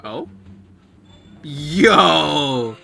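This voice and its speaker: A young man who is a gaming video creator, giving excitable gameplay commentary and voice-over narration with loud outbursts and swearing. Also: on the high side, very slow, creaky, faint music behind.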